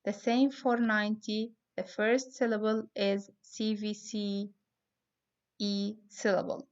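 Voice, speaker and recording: Slow, deliberate woman teaching phonics. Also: medium pitch, level tone, dull audio. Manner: slow, deliberate, spells out letters. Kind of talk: phonics lesson for young students.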